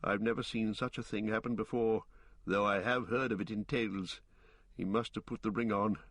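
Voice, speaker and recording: A man voicing a proud male warrior who speaks slowly, in a halting and brooding way. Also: lowish voice, fairly even intonation, fairly bright tone, no room sound.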